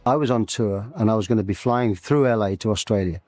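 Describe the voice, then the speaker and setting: An older man recalling stories in a relaxed interview. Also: on the low side. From England. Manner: brisk anecdotal, acts out quoted voices. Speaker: interviewee musician. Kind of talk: reminiscing interview. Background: faint music.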